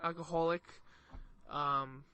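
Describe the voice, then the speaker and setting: Bright high-voiced wisecracking young co-host. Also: male voice, fairly even intonation, takes it slowly, dull audio. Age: 20s. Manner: wisecracking, mocking. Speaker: radio co-host. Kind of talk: casual radio banter.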